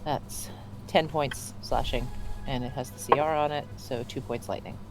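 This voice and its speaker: With music playing in the background, a man speaks at a moderate pace in a steady, medium-pitched voice. As a chatty, apologetic player in a casual tabletop game, he double-checks the rules when he rolls, clearing his throat and choking on mucus as he goes.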